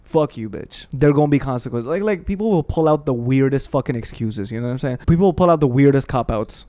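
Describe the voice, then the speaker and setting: A young man commentates on a video game while venting in a heated, profane rant full of repeated asides. His voice sits a little on the high side. Soft game music plays in the background. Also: a little fast. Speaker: gaming streamer. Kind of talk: let's play commentary rant.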